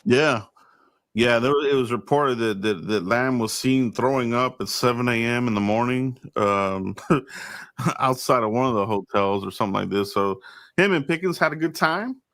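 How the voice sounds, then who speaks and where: Chill guy hosting a sports show, mid pitch, laughs a lot, trips over words, dry sound. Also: normal speed, fairly bright tone, no room sound. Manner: loose, laughing, stammering restarts, hype asides. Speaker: podcast host. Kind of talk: casual sports chat.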